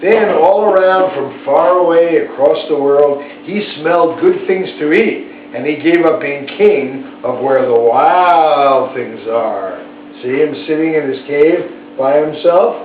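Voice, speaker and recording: A man reading a picture book aloud to his pet bird at home, gentle and chatty, stopping for asides to his pet. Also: on the high side, takes it slowly. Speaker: storybook reader to a pet bird. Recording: tinny, echoey, from far off, faint hiss.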